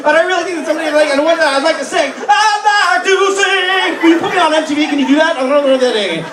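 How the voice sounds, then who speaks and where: A man putting on the voice of a ditzy young woman who dreams of stardom, high and gushing. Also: rapid-fire, far from the mic, background noise. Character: ditzy young woman, starstruck wannabe star. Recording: echoey club with laughing crowd.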